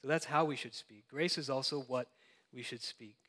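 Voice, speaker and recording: A man's voice: medium pitch, moderate pace, bright, forceful tone, long reverb tail. A young adult man preaching a sermon, earnest and conversational with light laughs. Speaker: pastor.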